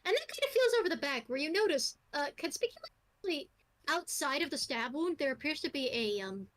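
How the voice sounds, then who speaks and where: A woman running a tabletop role-playing game, narrating scenes casually with wry asides. Her voice sits high. She fills gaps with loose fillers. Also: sing-song, a little fast, fairly bright tone, rough recording. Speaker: game master.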